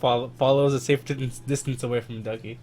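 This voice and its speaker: A woman's voice: rumbling low, steady tone, fast talker, darkish tone. A woman playing a tabletop game, teasing and swearing casually. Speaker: player.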